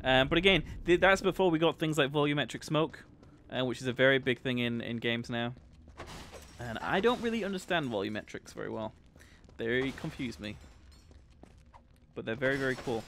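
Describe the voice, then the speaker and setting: Lively excitable male game streamer. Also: mid-range voice, normal speed. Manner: chatty, excitable, nerdy tangents. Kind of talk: casual livestream commentary.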